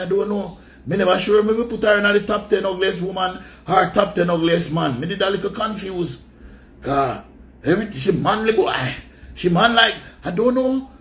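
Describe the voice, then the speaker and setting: A Jamaican man giving a mocking countdown commentary, rambling and calling out each entry in loud, drawn-out announcements. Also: high voice.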